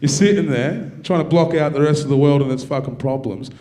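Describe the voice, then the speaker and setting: A man with an Australian accent doing a stand-up comedy set, telling dark stories in a profane, deadpan way. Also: fairly high pitch, fairly quick, slight background noise. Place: university theatre with live audience.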